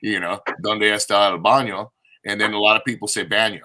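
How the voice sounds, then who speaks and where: Teasing man with a bright voice. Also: on the low side, little pitch movement, quick pace. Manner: teasing, joking, swears casually. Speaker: friend on the show. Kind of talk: joking banter.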